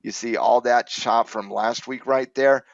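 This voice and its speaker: A man's voice: mid-range voice, fairly even intonation, measured pace, creaky, no echo, muffled recording. Man coaching through stock charts, dry sound. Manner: thoughtful, restarts phrases, laughs easily. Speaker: trading coach co-host. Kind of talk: casual chart analysis chat.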